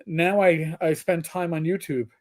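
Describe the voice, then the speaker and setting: A man in his fifties hosts a casual livestream chat, telling stories in an animated, rambling manner and often restarting. His voice is slightly high and a touch slow.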